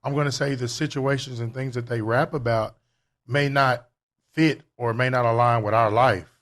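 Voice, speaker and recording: Male co-host, laid-back chat, reflective storyteller, gets animated. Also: mid-range voice, moderate pace. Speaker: podcast co-host. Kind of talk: casual chat.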